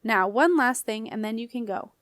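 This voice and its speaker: A woman voicing a stern, patient older witch aunt who speaks briskly. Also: fairly high pitch, animated, fairly bright tone, no echo, studio quality.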